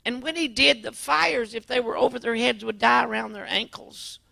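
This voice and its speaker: A woman's voice: a little high, moderate pace, vocal fry, sharp tone, dry recording. A woman preacher telling an earnest testimony in a sermon, often restarting her words as she goes. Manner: earnest storytelling with frequent restarts.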